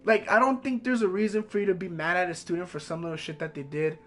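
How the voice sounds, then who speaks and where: Young male streamer, high voice, casual and profane. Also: fairly even intonation, fast talker, fairly bright tone. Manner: rambling, profane storytelling. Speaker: game streamer.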